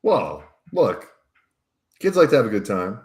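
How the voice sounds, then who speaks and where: A man chats from home with dry, self-mocking humor. His pitch moves around a lot, and the room around him gives a clear echo. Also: very animated, unhurried. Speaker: show regular. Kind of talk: casual chat.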